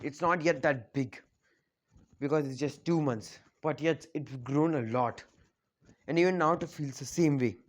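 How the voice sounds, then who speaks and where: A man's voice: on the high side, moderate pace. A man casually retelling a fan story, rambling with lots of restarts and filler words. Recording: dull lo-fi recording.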